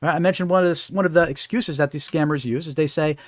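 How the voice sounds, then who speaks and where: A man hosting a live scam awareness stream, with a slightly high voice. He talks conversationally and keeps checking in with the listener. The sound is dry and close. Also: fast, hardly any pauses, no echo. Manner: conversational, keeps asking "right?". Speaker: host.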